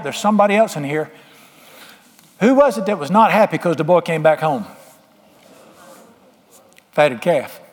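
A man's voice: a little high, in a large hall. A man preaching a sermon, folksy, plain-spoken and emphatic with homespun sayings. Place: church sanctuary.

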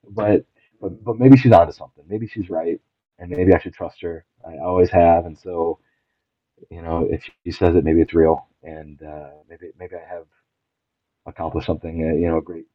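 A middle-aged man, a podcast guest, talking candidly and earnestly, halting with many restarts. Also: deep voice, level tone, no echo. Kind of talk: candid personal conversation. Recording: tinny phone-like line, dry.

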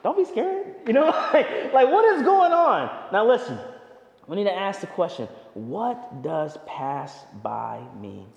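A man's voice: high voice, very animated, a little slow, vocal fry, darkish tone, reverberant, in a large hall, muffled recording. A male pastor preaching a sermon in an emphatic, conversational way with touches of humor.

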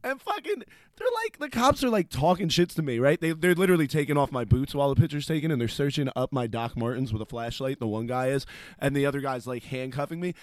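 A man's voice: mid-range voice, lively intonation, quick pace, no echo. A man working as a radio DJ, chatting casually between songs and telling a rambling story with laughter and swearing.

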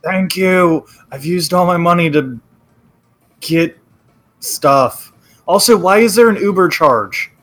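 Man, tabletop player, casual, hesitant fillers, somewhat higher voice. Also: animated, slow, long pauses, a bit bright.

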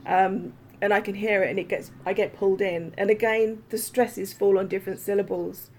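A woman's voice: medium pitch, fairly even intonation, normal speed, darkish tone, a little hiss or hum. A woman hosting a podcast over a video call, chatting casually in a meandering way with lots of fillers. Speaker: podcast host. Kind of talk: casual interview chat.

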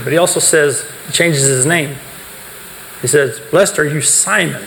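This unhurried talk to a youth group comes from a man with a fairly high, slightly bright voice and some vocal fry. He explains points and asks the listeners questions, then answers them on his own. It was recorded in a reverberant hall with faint noise in the background.

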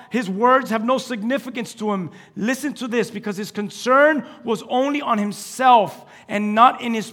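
A male pastor with a high voice preaches with lively storytelling, acting out each character in the scripture. He swings from loud, excited exclamations to quiet, hushed asides. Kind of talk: sermon.

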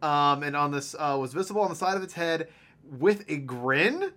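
A man's voice: a little high, very animated, normal speed, sharp tone. A man co-hosting a podcast, retelling lake monster sightings in a rambling casual chat with many fillers and frequent laughs. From Ohio. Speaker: podcast co-host.

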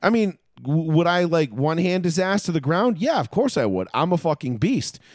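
A man ranting in casual sports chat as a podcast co-host, profane and animated. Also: a little high, moderate pace, dry recording, clean studio sound.

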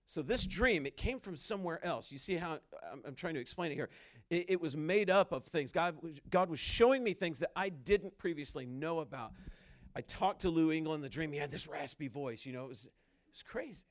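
A man speaking at a conference in a conversational, animated sermon style, acting out quoted dialogue as he tells a story. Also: fairly high pitch, fairly quick. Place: conference hall stage.

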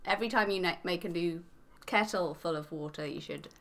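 A woman's voice: lowish voice, a little fast, crowd noise. A woman from England, a podcast guest, explaining step by step in a matter-of-fact casual chat.

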